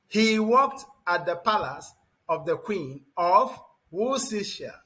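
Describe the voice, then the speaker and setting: A man teaches English pronunciation to his class, saying words slowly and emphatically and calling on individual students by name. His voice sits high, animated, with a fairly bright tone.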